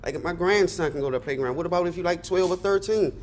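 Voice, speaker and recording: A man's voice: sits high, fast talker, slight background noise. A middle-aged man speaking as a community member at a public hearing, earnest and frustrated, rambling as he speaks.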